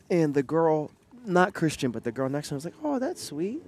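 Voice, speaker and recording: A man co-hosting a casual podcast from a car, teasing his partner and acting out what people said. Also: a little high. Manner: playful, teasing, acts out quotes. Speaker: podcast co-host. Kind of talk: casual chat. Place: in a parked car.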